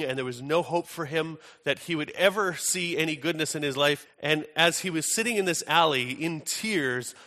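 A man's voice: a little high, pushed and bright. A man preaching a sermon, praying and then telling a story in a conversational, earnest way. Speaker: pastor. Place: large church hall. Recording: reverberant hall sound.

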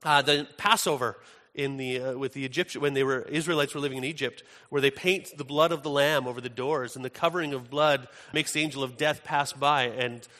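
Male pastor, conversational sermon, bright tone, long hall reverb. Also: medium pitch, steady tone, brisk. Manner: conversational storytelling with fillers and restarts.

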